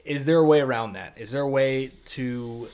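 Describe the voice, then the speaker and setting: Young male podcast co-host, casual and jokey, with loud bursts of emphasis and a mid-range voice. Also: mid-range voice, normal speed. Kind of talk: casual chat recapping an anime episode.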